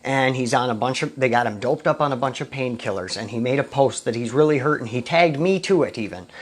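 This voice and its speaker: A man speaking live to his online followers about recovery and letting go of resentment. He talks at a mid pitch, earnest and animated, and often stops to restart a sentence before pushing on. It sounds like a plain personal stream from home. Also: a little fast. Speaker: recovery talk host. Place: home, recording a live video.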